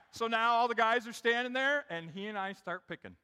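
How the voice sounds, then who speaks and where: Bright-voiced middle-aged pastor preaching in a hall. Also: male voice, very high voice, fairly quick, hardly any pauses, clear, resonant tone. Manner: conversational storytelling, talks directly to the congregation. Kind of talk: sermon. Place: church sanctuary.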